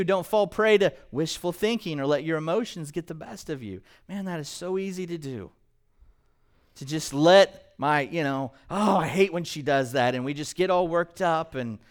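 Male pastor, sermon delivery, animated, quizzes the room, fairly high, resonant voice. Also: normal speed, smooth. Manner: animated, quizzes the congregation with questions. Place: church, in front of a congregation.

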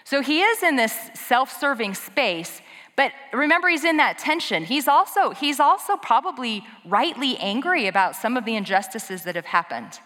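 A woman preaching a lively, conversational sermon in a church sanctuary. Her voice is bright and fairly high, and she talks straight to the congregation with quick asides. Long hall reverb trails every phrase.

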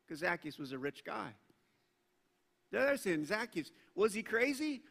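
A man preaching a sermon as pastor, animated and acting out the voices he quotes. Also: sits high, slow pace. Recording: long reverb of a large hall.

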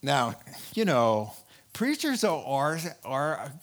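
A male preacher giving a sermon, telling stories lively and with animated asides. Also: mid-range voice, slow pace.

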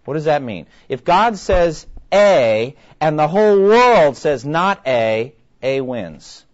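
A man's voice: on the high side, sing-song, slow pace, few pauses, lo-fi sound. A man preaching a sermon in a conversational way, often putting questions to his listeners.

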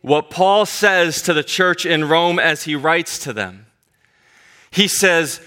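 Guy preaching, funny story, bright forceful voice, gets animated. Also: a little high, slow, clean tone. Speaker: pastor. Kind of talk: sermon.

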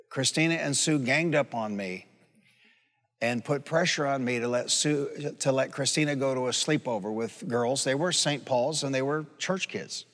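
A man in his sixties preaching a sermon as pastor, folksy and conversational, with asides and questions thrown to the congregation. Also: medium pitch. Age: 60s. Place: church sanctuary. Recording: long hall reverb.

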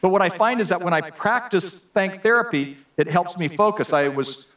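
A man's voice: high-pitched, moderate pace, fairly bright tone, distant mic, low-quality recording. A man preaching to a church congregation in a chatty storytelling way, full of asides and "you know". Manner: conversational storytelling with many asides. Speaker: guest preacher. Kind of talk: sermon.

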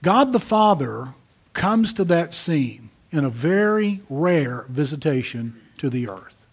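A man preaching a sermon, emphatic, rising to loud peaks and dropping to soft asides. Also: a little high, very animated, slow pace, breathy edge. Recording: audio of a church sermon.

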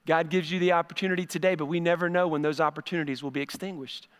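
A man's voice: a little high, fairly even intonation, rapid-fire, clear, resonant tone. A middle-aged man preaching a sermon as pastor in a church, talking in a conversational way and often repeating words as he builds a point. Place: church sanctuary. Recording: long reverb of a church hall.

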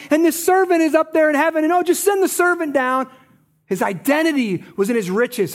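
Dramatic preacher with big swings in volume. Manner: dramatic, swinging from loud emphasis to low, quiet stresses. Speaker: pastor. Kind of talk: sermon.

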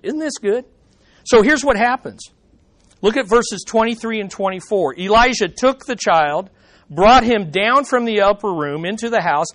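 A male pastor preaching a sermon with passion, swinging between loud emphasis and hushed drops, asking the congregation questions and adding playful asides. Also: extremely high pitch.

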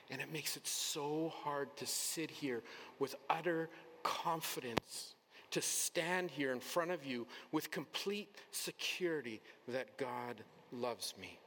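A male pastor preaching an earnest, emphatic sermon in a church, sometimes dropping to a soft near-whisper. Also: on the high side, takes it slowly, a little hiss or hum. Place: church sanctuary. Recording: long hall reverb, faint room ambience.

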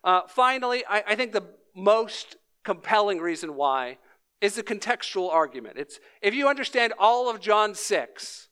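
A man preaching a sermon, explaining a passage in a measured, teaching way with occasional fillers. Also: high voice, very animated, pushed and bright, smooth. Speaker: pastor.

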